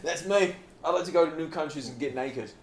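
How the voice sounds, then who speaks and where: A man's voice: a little high, a little fast, vocal fry, slight background noise. A man from New Zealand co-hosting a podcast, in crude casual banter full of swearing. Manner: profane, swears constantly. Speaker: podcast co-host.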